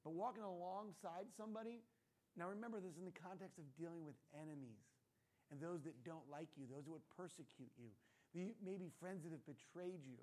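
A man's voice: on the high side, fairly quick, darkish tone. A male pastor giving a casual, conversational sermon in a church room, often tossing in rhetorical questions like "right?".

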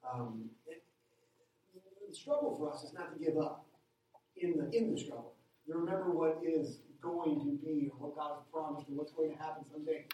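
Pastor telling a story in an echoey church. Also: male voice, moderate pace, recorded from a distance, slight background noise. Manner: animated storytelling, jumps higher when excited. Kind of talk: sermon with personal story. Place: church hall. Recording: echoey hall, heard from afar.

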